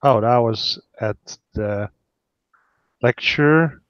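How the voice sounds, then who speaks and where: A man playing a tabletop role-playing game, speaking hesitantly with many halting restarts. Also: medium pitch, dry recording. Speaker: player. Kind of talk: casual tabletop play. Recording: dull, dry lo-fi mic.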